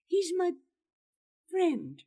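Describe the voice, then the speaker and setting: A woman voicing an earnest, apologetic young boy who speaks quietly and pleads. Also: high voice, huge pitch swings, takes it slowly, breathy edge, voice pushed up, exaggerated voice. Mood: pleading.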